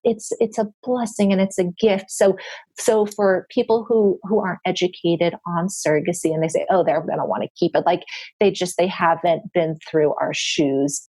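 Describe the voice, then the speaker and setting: Earnest woman, low voice, dry close mic. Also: steady tone, normal speed, mellow, husky, no echo. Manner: earnest, with frequent restarts and "like"; quotes others in acted voices. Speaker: podcast guest. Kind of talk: casual interview talk.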